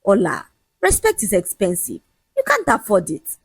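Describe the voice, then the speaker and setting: A woman's voice: mid-range voice, wildly swooping pitch, moderate pace, vocal fry, breathy edge, no echo, clean studio sound, heavily acted. A woman voicing a smug, dismissive young man who mocks his fiancée in a folk-tale storybook reading. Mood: mocking. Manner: mocking, lecturing, casually shameless.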